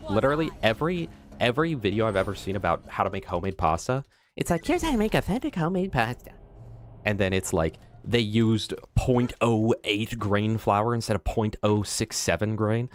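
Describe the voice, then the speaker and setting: A man's voice: fairly low pitch, moderate pace, few pauses. A young adult man streaming gameplay, rambling and joking with his chat. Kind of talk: casual live gameplay commentary.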